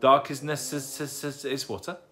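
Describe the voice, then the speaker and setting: A man's voice: lowish voice, expressive, normal speed, fairly bright tone, a little hiss or hum. A man reading aloud and voicing a timid, curious baby barn owl who asks wondering questions.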